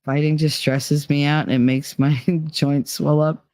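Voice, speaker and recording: A woman's voice: deep voice, level tone, measured pace, dark tone, no echo. A woman hosting a podcast, telling a personal story in a frank, profane way and acting out the voices of the people she quotes. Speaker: podcast host.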